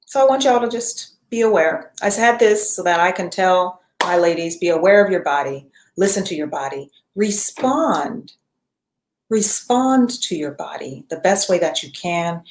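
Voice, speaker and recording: Woman coach, casual and rambling, live stream, roomy echo. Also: on the low side. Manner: chatty and rambling, reads viewer names, acts out quick voices. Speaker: self-care and business coach.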